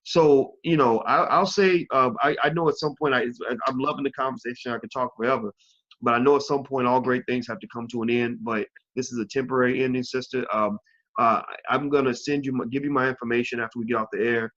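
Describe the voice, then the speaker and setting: A man hosting an online interview show, talking in a halting way with many fillers and restarts. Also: mid-range voice, steady tone, a bit bright, highs cut off. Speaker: host.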